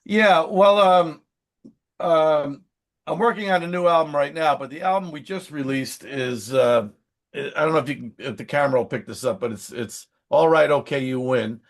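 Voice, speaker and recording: Gravelly-voiced man telling stories. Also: fairly high pitch, moderate pace. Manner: animated, chatty anecdotes with frequent restarts. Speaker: singer, songwriter and screen actor. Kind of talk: casual interview storytelling.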